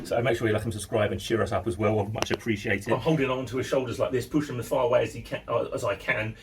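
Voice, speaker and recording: A middle-aged man, a vlogger recounting a story to camera in an excitable, chatty way, swearing mildly and chuckling. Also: mid-range voice, racing, noisy background.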